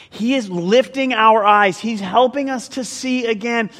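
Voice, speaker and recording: A man with a notably high voice preaches a sermon, animated and conversational, slipping in joking asides between scripture. His voice rings out with a long reverb, as if filling a large hall. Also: unhurried, few pauses. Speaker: pastor.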